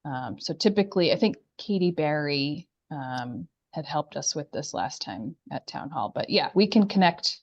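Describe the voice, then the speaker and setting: A woman's voice: sits low, animated, normal speed, few pauses. Chatty woman on a muffled video call. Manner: chatty, explains at length with many fillers. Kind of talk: remote public meeting discussion.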